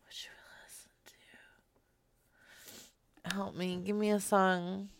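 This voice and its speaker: A woman's voice: medium pitch, steady tone, a little slow, vocal fry, pauses often. A woman streaming live, chatting casually with her audience and swearing freely.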